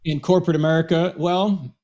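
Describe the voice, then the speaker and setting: A man from New Jersey with a fairly high voice hosts a casual talk. He is wry and inquisitive, and quick with self-deprecating humor as he puts questions to his guest. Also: fairly even intonation, a little mellow. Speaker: show host. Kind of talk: casual conversation.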